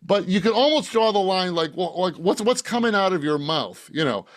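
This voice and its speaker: A man's voice: sits high, big pitch swings, moderate pace, dry recording, studio quality. A man from Boston, the author guest on a casual podcast interview. He rambles, jokes, laughs often and restarts his sentences. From Boston, Massachusetts.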